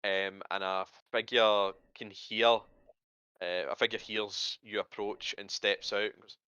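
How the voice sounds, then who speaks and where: A man narrates a tabletop session as game master, meandering through fillers and cheerful swearing. His voice is bright and forward, with a dry, close sound and no room around it. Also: on the low side, little pitch movement, a little slow, clean tone, no room sound, dull audio. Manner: rambling, swears freely, many fillers.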